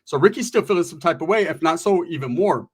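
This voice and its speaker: A man telling a comic story in an animated, slangy way, laughing between lines. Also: on the high side, fast, breathy edge.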